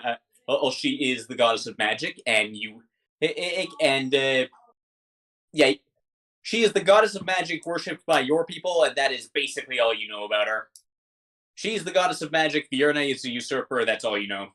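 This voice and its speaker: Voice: mid-range voice, expressive, moderate pace, fairly bright tone. A game master narrating a tabletop game, hesitant and full of restarts.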